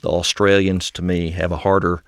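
A man with a West Texan accent, answering questions politely and deliberately, saying "yes, sir", in a barn. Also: low-pitched, little pitch movement, no room sound, studio quality. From Amarillo, Texas. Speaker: audience questioner. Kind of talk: conversational Q&A.

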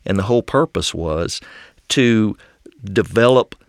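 Low-voiced West Texan man. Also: creaky, no echo, clean studio sound. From Amarillo, Texas. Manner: polite, deliberate, says "yes, sir". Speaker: audience questioner. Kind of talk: conversational Q&A. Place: barn.

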